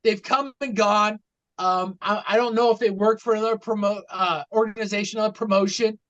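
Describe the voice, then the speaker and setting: A woman's voice: medium pitch, steady tone, brisk, a bit bright, muffled recording. A woman co-hosting a casual podcast, recapping matches with a hesitant manner, full of ums and restarts. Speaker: podcast co-host.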